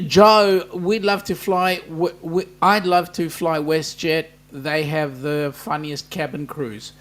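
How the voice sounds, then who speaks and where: Australian man, live stream host, slightly higher voice, casual, reads chat comments aloud, friendly filler words. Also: a bit bright. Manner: chatty, reads viewer comments aloud, lots of "mate" and "um". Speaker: livestream host reading chat.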